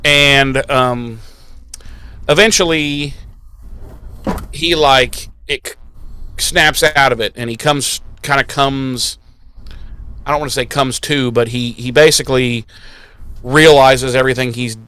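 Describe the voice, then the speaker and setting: A man's voice: mid-range voice, slow pace, pauses often, clean tone. A man co-hosting a podcast, recapping an episode in casual chat and acting out the scenes with silly voices. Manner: animated, acts out scenes with silly voices and laughs. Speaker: podcast co-host. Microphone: podcast microphone.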